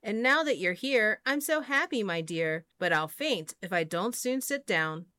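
A woman's voice: mid-range voice, lively intonation, a little slow, dry recording, clean studio sound. A woman voicing a loving mother pig in a picture book, fussing over her found child. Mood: relieved. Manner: warm, fussing, breathless relief.

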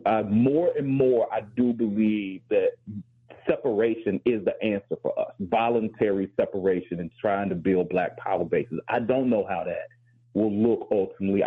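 Low husky professor, thoughtful. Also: male voice, narrow, tinny audio. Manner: thoughtful, self-deprecating, candid. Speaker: professor and show guest. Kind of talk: reflective talk-show discussion.

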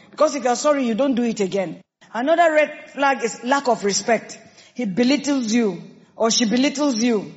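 A woman pastor with a Nigerian accent preaching a sermon, emphatic and lively, acting out quoted people. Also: on the high side. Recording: dull sound with long hall reverb.

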